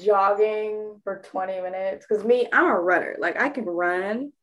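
A woman's voice: medium pitch, unhurried, fairly bright tone. Upbeat, rambling woman co-host. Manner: upbeat, rambling with many fillers. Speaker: podcast co-host. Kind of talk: casual chat.

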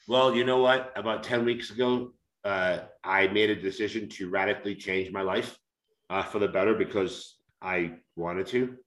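A man from the United States, an author being interviewed, who speaks slowly and carefully enunciates so he is easily understood, and reads aloud from his book. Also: fairly low pitch, steady tone, a bit bright, echoey room, low-quality recording. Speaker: author and guest.

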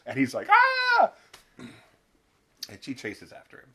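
This man co-hosts a podcast, casually recapping a TV show with frequent laughter and performed character lines. His medium-pitched voice is gravelly with a breathy edge, at a moderate pace.

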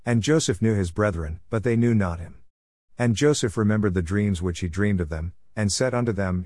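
Low-voiced man reading scripture aloud. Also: dry recording, studio quality. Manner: measured, even delivery of archaic text. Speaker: scripture reader.

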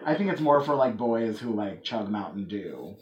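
A woman's voice: a bass voice, moderate pace, dull audio, background noise. A woman hosting a podcast in casual chat, playful and chatty, telling stories. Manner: chatty, playful, animated storytelling. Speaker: podcast host.

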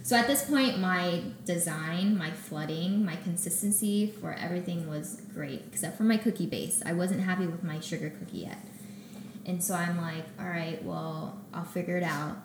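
A young woman telling her story as a guest in a casual interview, acting out her own quotes with animated energy. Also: on the low side, normal speed, slight background noise. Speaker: guest, baker and business owner. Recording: echoey room with faint ambience.

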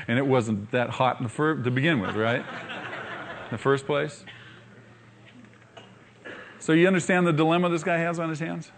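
A man delivers a sermon in a fairly high voice. He tells the story with energy and acts out the characters' lines. He keeps drawing the congregation in with rhetorical questions. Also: lively intonation, moderate pace, pauses often, a bit bright. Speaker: pastor.

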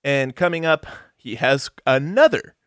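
A man's voice: mid-range voice, expressive, measured pace, smooth, no room sound, studio quality. A man co-hosting a casual movie review chat, running through cast lists and joking around. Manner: reads cast lists, sings and does silly voices. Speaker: podcast co-host.

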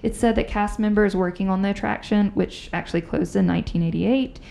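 A woman's voice: medium pitch, a little fast, vocal fry, slight background noise. A woman hosting a podcast, telling ghost stories in a chatty, casual way. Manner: chatty, animated storyteller. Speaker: podcast host. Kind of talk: casual chat, storytelling.

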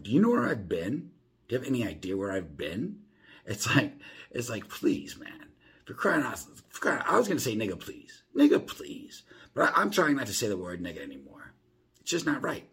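A man's voice: lowish voice, fairly quick, breathy edge. A man hosting a podcast from his home, rambling through a profane, casual monologue full of restarts. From South Florida. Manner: animated, rambling, swears constantly, restarts often. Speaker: podcast host.

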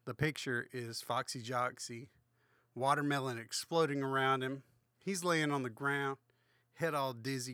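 A man's voice: mid-range voice, pushed and bright, no echo, clean studio sound. A slightly drunk man hosting a comedic read-aloud of a children's book, rambling through crude, swearing asides. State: a little drunk. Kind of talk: comedic book reading with commentary.

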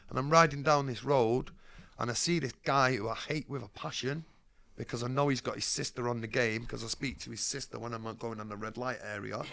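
Male guest, rough gravelly tone, frank street talk with swearing. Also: medium pitch, steady tone, fairly quick, pushed and bright. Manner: blunt, streetwise, swearing freely. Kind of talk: candid storytelling interview.

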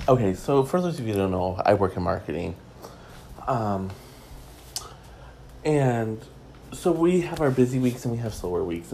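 A man with a low voice hosts a relaxed solo gossip talk, rambling and joking at his own expense. He trails off and restarts often. A faint hiss sits under the recording. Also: creaky, low-quality recording. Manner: chatty, rambling, self-mocking with many fillers. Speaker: gossip podcast host. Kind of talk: casual solo chat.

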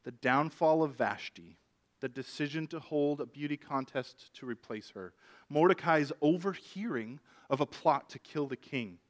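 A man preaching a sermon, retelling an old story in a lively, conversational way. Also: a little high, moderate pace.

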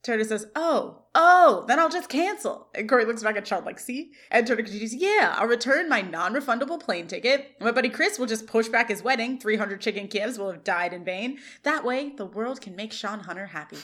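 A woman's voice: on the high side, expressive, fairly quick, few pauses, fairly bright tone. A woman co-hosting a podcast, retelling a sitcom episode scene by scene and quoting lines between laughs. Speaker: podcast co-host. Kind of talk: casual recap chat.

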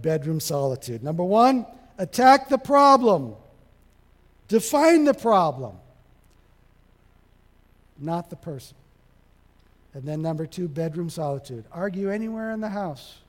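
High-voiced preacher in echoing hall. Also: male voice. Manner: animated, acts out dialogue, shifts from loud to soft. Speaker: pastor. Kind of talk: sermon. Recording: long hall reverb.

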